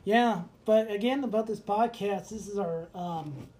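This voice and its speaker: A man's voice: high voice, measured pace, background noise. A man co-hosting a podcast in casual chat, telling stories with lots of animation and laughter. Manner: animated storyteller, laughs often. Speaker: podcast co-host.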